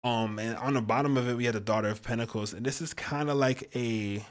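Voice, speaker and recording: A man's voice: mid-range voice, fairly even intonation, a little fast. Slangy, chatty male tarot reader. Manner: chatty and slangy, addresses viewers directly; laughs often between thoughts. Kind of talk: casual tarot reading on a live stream.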